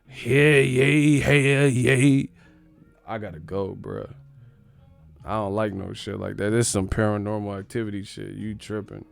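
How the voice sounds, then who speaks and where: Male stream host, gravelly voice, mid pitch, dry mic, faint music bed. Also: normal speed. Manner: profane, emphatic, animated. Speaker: boxing livestream host. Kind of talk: casual storytelling on a livestream.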